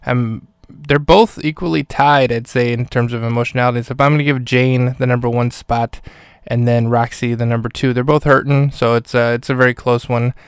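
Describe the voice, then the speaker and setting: A man's voice: medium pitch, fairly even intonation, moderate pace, clean tone, dry recording. A man hosting a podcast, giving a casual spoken film review full of fillers and self-corrections, close to the microphone.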